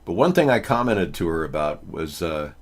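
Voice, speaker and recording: A man's voice: sits low, big pitch swings, normal speed. A man hosting a live video chat show, rambling casually with many fillers and restarts. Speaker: host.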